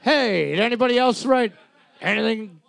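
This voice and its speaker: A man's voice: very high voice, expressive, moderate pace, gravelly, a bit bright. A man co-hosting a bar trivia night, reading out scores and teasing his partner with crude jokes. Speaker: trivia co-host.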